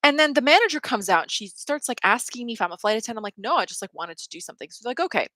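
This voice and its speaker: A woman's voice: fairly high pitch, animated, rapid-fire, bright, forceful tone, no echo. A woman hosting a livestream, telling a rambling story in casual chat, full of "like" and laughing between words. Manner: chatty, rambling, heavy use of "like"; laughs mid-sentence while storytelling. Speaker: livestream host.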